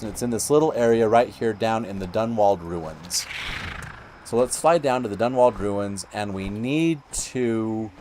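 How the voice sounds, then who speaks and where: A man's voice: fairly low pitch, darkish tone, a little hiss or hum. Chatty man narrating gameplay. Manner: rambling, chatty, trails off. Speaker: gaming channel host. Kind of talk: casual gameplay commentary.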